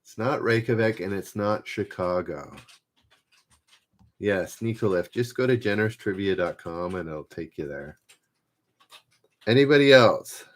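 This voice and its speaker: A man hosting a live-stream trivia game, relaxed and self-deprecating, repeating each question as he reads out viewers' guesses. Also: fairly low pitch, a little slow, pauses often. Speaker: trivia host.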